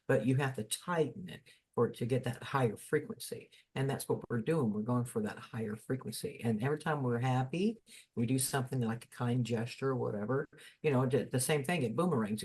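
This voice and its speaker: A man in a casual spiritual chat, folksy and storytelling, slipping into preachy asides. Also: medium pitch. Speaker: spiritual podcast co-host.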